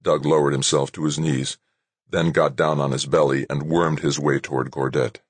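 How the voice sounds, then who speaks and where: A man reading an audiobook as narrator in a steady, measured way. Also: a bass voice, breathy edge, no echo. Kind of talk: scripted narration.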